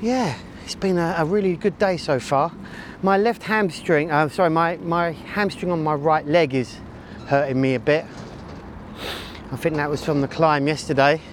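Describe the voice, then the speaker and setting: A man's voice: fairly high pitch, steady tone, normal speed. A man cycling outdoors, rambling through a casual, jokey vlog about his ride and route. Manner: rambling, jokey, self-mocking, talks to himself. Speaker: cycling vlogger. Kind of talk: casual vlog narration while riding. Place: outdoors on a bicycle, country roads and city. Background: faint traffic and outdoor noise.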